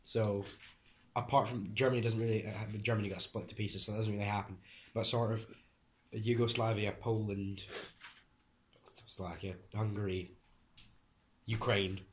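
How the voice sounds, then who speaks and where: A young man in casual conversation, explaining at length with frequent restarts and pauses to find the right word. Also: fairly low pitch, fairly even intonation, a little hiss or hum.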